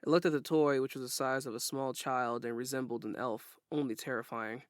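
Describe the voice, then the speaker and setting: A man narrating a first-person audiobook in a steady, plain storytelling way. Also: medium pitch, fairly quick, no echo, clean studio sound.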